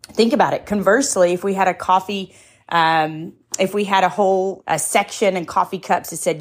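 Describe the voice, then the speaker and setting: A woman's voice: medium pitch, moderate pace. A middle-aged woman hosting a motivational podcast, speaking earnestly and emotionally, moved to tears at times. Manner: warm, emotional, earnest, cries easily. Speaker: podcast host.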